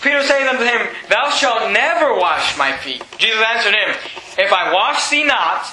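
A man's voice: high voice, big pitch swings, moderate pace, bright, forceful tone. A man preaching a casual, conversational sermon, paraphrasing scripture and often repeating himself. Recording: echoey room with faint noise.

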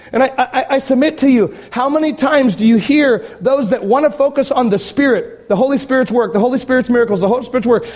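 High-voiced emphatic male preacher. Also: a little mellow. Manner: emphatic preaching with sarcastic asides. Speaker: pastor. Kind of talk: sermon.

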